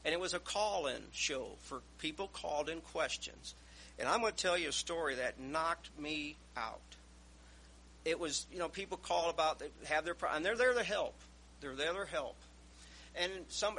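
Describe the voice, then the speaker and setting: A man's voice: on the high side, moderate pace, sharp tone, slight background noise, poor audio. A man preaching a sermon, telling stories and reading scripture aloud with rising emphasis. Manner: storytelling, raises voice reading scripture.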